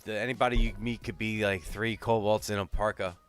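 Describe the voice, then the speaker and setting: A man's voice: fairly low pitch, fairly even intonation, brisk, faint music behind. A man hosting a tabletop game livestream, chatting casually and laughing often. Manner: upbeat, laughs often, rambling. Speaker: livestream host.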